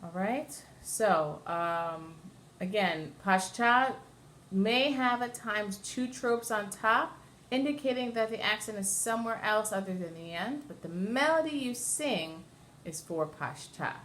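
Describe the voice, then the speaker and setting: A woman's voice: mid-range voice, expressive, unhurried, a bit bright, a little hiss or hum. A woman cantor teaching Torah chanting at home, explaining step by step and singing short examples. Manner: explains step by step, sings trope names in short phrases. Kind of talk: online lesson with sung examples. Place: home with a dishwasher running.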